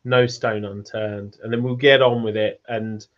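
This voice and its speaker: A man's voice: on the low side, little pitch movement, a little slow, dull audio. A British man hosting a casual online Q&A, chatty and rambling, laughing easily. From United Kingdom. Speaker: host of a community Q&A.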